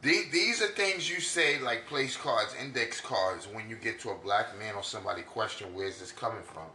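Scornful ranting man, bright and roomy. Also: medium pitch, normal speed, a little hiss or hum. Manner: scornful, preachy and emphatic. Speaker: commentator reacting to clips. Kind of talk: ranting video commentary.

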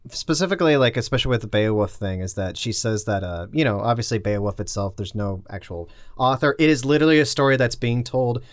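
A man's voice: mid-range voice, expressive, fast talker, few pauses, no echo, studio quality. A man co-hosting a casual podcast chat, talking in a rambling way full of "like" and "uh". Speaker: podcast co-host.

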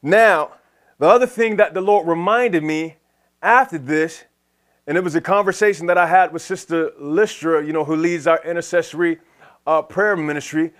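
High-voiced man preaching a sermon. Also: normal speed. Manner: conversational preaching, acts out dialogue with the Lord, animated. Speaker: pastor.

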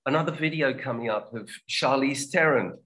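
A man teaching an online English lesson, explaining in a relaxed way with frequent fillers. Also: mid-range voice, moderate pace.

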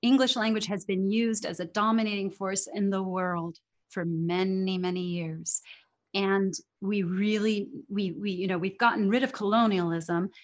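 A woman's voice: mid-range voice, dull audio. Earnest woman English coach. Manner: earnest, emphatic, laughs often. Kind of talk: conversational interview.

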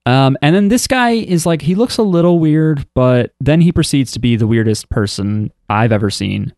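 A man's voice: mid-range voice, animated, moderate pace, darkish tone, no echo, clean studio sound. A man co-hosting a podcast, talking in a rambling, chatty way full of fillers. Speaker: podcast co-host. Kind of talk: casual chat.

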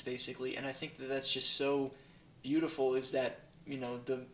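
Flat-voiced man in a roomy space. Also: mid-range voice. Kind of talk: casual faith talk. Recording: roomy with faint background noise.

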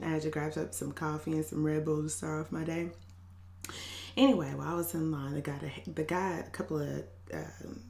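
A woman's voice: mid-range voice, gravelly, a little mellow, roomy sound. A young adult woman hosting a podcast in a casual, sassy venting monologue, laughing often and cussing freely. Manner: sassy, laughing, profane asides. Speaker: podcast host.

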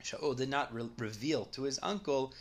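Man of ordinary pitch teaching Talmud; reads the text, then explains. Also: moderate pace. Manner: reads Aramaic lines then explains in English, lively. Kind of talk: Talmud study lesson.

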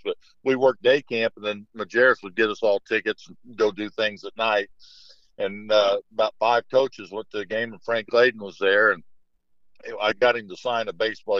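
A man's voice: fairly low pitch, no room sound. A middle-aged man, a basketball coach, telling anecdotes in a casual interview, rambling with many fillers and restarts. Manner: rambling, lots of "you know" and restarts; lively when quoting others in anecdotes. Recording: dull lo-fi dry sound.

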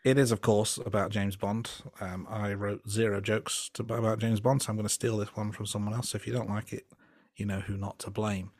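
A man co-hosting a casual film review podcast, relaxed and hesitant, with plenty of fillers and restarts. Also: on the low side, brisk, no echo, clean studio sound. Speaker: podcast co-host.

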